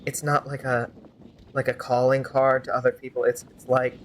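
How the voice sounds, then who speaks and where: A woman's voice: extremely low pitch, flat delivery, moderate pace, slight background noise. A woman streamer giving casual, joking commentary while playing and fan-dubbing a game. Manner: joking, rambling asides.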